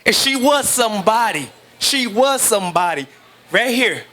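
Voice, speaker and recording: High bright-voiced emotional father. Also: lively intonation, a little slow, a little hiss or hum. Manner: earnest, emphatic, repeats phrases. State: emotional, near tears. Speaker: guest, grieving father. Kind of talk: emotional testimony.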